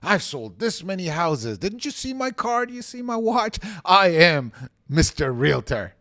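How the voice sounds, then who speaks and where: A man's voice: high-pitched, sing-song, a little slow, a bit bright, no echo, studio quality, voice pushed up, heavily acted. A man putting on an arrogant, boastful realtor who brags and refuses to give discounts, in a pompous, indignant manner.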